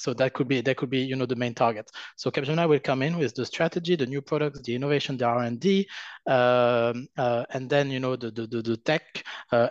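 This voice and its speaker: A man's voice: medium pitch, dry recording. A man with a French accent answers interview questions about his work, often repeating a word while he finds his phrasing. His audio is dull and lo-fi, and it sounds very dry, like a video call. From France. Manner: hesitant, repeats words while searching for phrasing. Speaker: guest, marketing executive. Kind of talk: business interview.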